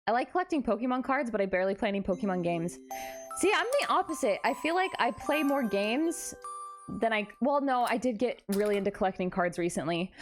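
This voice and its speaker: A young woman streams late into the night, worn out but giddy. Her voice sits a touch high, and she reads her viewers' messages aloud and answers them with playful, self-mocking banter. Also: lively intonation, brisk, faint music behind. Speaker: VTuber streamer. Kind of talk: casual live-stream chat with viewers.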